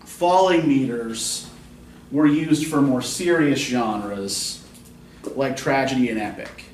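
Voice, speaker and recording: A man's voice: medium pitch, slow, a little mellow. Guy teaching poetry meter to a class, patient, keeps asking questions, echoey room, mic far off. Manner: explains patiently, asks the class frequent questions. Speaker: college English instructor. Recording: roomy classroom from a distance with faint noise.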